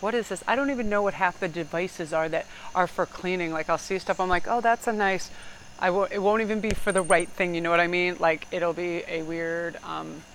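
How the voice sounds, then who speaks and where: A woman's voice: lowish voice, a bit bright, slight background noise, rough recording. A woman giving a casual tarot reading, rambling and blunt, swearing freely and laughing often. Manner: laughs often, slips into mock voices. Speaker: tarot card reader.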